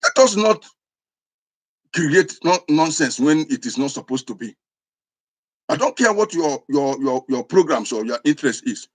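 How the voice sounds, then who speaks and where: Husky man with an Igbo accent. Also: mid-range voice, expressive, moderate pace. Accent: Igbo Nigerian. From Igbo land, Nigeria. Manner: forceful, repetitive, emphatic. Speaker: speaker. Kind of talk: impassioned monologue.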